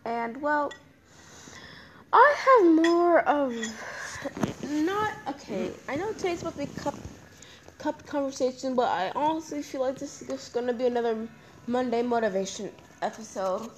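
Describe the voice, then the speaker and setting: A woman's voice: sits high, animated, normal speed, background noise. A young woman hosting her own podcast, talking candidly and emotionally in a rambling, casual way. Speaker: podcast host. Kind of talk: casual personal talk. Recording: echoey room with faint ambience.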